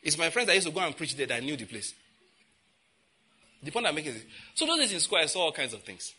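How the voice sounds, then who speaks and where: A man with a Nigerian accent preaching a sermon, emphatic and repetitive, with sudden loud outbursts and asides in pidgin. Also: a little high, big pitch swings, quick pace, slightly rough.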